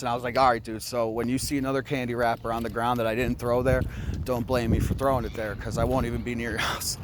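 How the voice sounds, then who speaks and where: A young man vlogging on a walk outdoors, retelling a run-in in an animated way and acting out both sides. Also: medium pitch, brisk, background noise. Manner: animated, laughing, retells with quoted voices. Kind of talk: casual storytelling.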